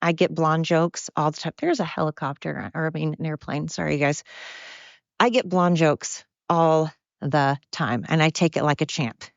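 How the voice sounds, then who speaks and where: A low-pitched woman talks on her own in a loose, rambling podcast monologue, blunt and self-deprecating, drifting from thought to thought. She sounds worn out and winded. The recording is dry and a little dull, as if captured on a basic device while she walks outside. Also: steady tone, normal speed, gravelly, dry recording. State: exhausted and winded. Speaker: podcast host.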